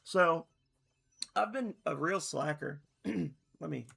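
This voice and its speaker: Man, 30s, game streamer, gravelly, slightly hoarse, loose rambling chat. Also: a little high, slow, a bit bright. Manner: rambling, loose, self-correcting.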